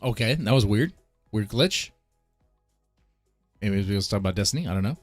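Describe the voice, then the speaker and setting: A man's voice: lowish voice, animated, a little fast, no echo, faint music behind. A man hosting a casual live stream, ranting bluntly and laughing often as he comments. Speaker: streamer host.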